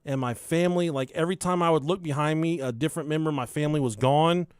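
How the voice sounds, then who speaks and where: A man's voice: a little high, fast, smooth, no room sound, studio quality. A young man hosting a podcast, telling a story in a loose, profane way and laughing along with it. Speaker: podcast host. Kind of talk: casual storytelling chat.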